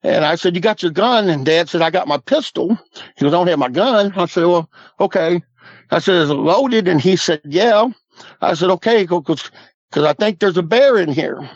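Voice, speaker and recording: A man's voice: high-pitched, animated, brisk, dry recording, lo-fi sound. A man, earnestly recounting a personal encounter as a guest in a folksy, repetitive storytelling manner. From Southwest Missouri Ozarks. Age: 50s. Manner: earnest, folksy, repeats "I said" and "he goes".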